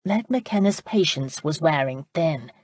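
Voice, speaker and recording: Low, husky-voiced woman narrating. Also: animated, measured pace, no room sound, studio quality. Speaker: audiobook narrator. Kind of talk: scripted narration.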